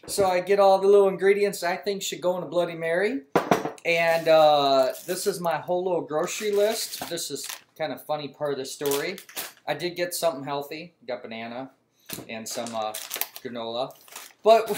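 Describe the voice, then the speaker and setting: A man casually telling a funny personal story as host of a mechanics channel, with many fillers and restarts. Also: fairly high pitch. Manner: animated when quoting himself.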